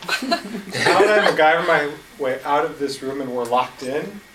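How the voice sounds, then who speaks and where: A man's voice: fairly high pitch, lively intonation, a little slow, heavy background noise. Rambling man speaking from afar. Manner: rambling, self-deprecating, hesitant. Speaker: impromptu speaker. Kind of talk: impromptu speech. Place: meeting room. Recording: roomy echo from far off.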